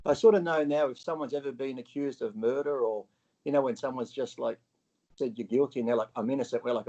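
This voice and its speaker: An Australian man with a gravelly voice tells his story as an interview guest, bluntly and profanely, slipping into the voices of people involved and acting out his own past dialogue. His mid-range voice is quick with a dark tone, and the audio is muffled and lo-fi.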